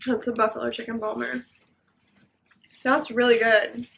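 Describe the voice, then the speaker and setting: A young woman hosting a casual mukbang chat at home, talking while she eats, chatty and quick to giggle. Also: fairly high pitch, flat delivery, vocal fry, a bit bright. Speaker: vlogger host. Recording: dull lo-fi sound.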